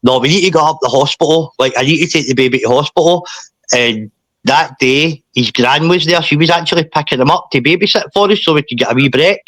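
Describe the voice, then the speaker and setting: A man, a podcast guest, recounting a painful personal story in a halting way, often repeating himself and saying mate. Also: a little high, fairly bright tone, no room sound.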